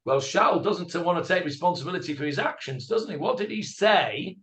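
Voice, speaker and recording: Man, rabbi, Bible class lecture, animated, somewhat high pitch. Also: moderate pace. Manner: animated, with hesitant fillers.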